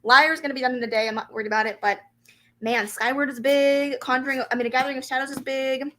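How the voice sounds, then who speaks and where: Bright high-voiced chatty young woman. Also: fast, a little hiss or hum, low-quality recording. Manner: chatty, animated, giggly, swears casually. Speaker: booktube livestream host. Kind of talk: casual livestream chat reading comments. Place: home room with a fan running.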